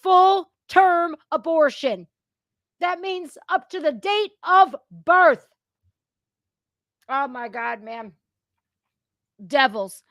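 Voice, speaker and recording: Woman host, high voice, dry close sound, blunt, profane, ranting reaction commentary. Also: animated, slow, long pauses, pushed and bright, no room sound, dull audio. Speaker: commentator reacting to news clips.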